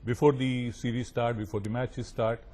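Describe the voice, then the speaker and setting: A man on a news panel gives his view frankly and firmly. His voice sits at an ordinary middle pitch. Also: little pitch movement, moderate pace, a little mellow. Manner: frank, firm. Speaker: studio panelist. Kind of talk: TV panel debate.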